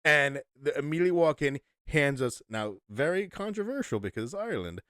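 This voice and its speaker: A man's voice: fairly high pitch, sing-song, fairly quick, a bit bright, no echo, studio quality. An American man co-hosting a podcast, telling a rambling travel story in a casual chat with lots of fillers and restarts. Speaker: podcast co-host.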